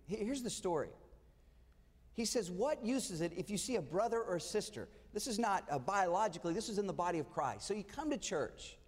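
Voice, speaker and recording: Guy preaching a sermon, kinda higher voice, lots of rhetorical questions, church hall reverb. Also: lively intonation, brisk, breathy edge. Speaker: pastor.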